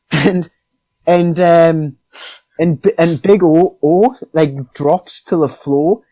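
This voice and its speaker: A man's voice: fairly high pitch, slow pace, mellow, low-quality recording. A young man on a casual podcast, rambling through a story of running a tabletop game, full of fillers and swearing. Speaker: podcast co-host, game master. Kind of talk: casual chat.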